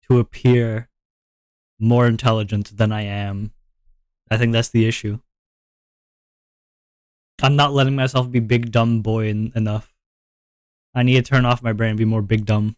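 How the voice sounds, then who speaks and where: Give me a young man chatting on a live stream in a halting, self-deprecating way, often trailing off mid-thought. His pitch sits in the middle range. A close desk mic gives a dry sound with no room echo. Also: fairly even intonation, clear, resonant tone. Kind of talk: casual live-stream chat.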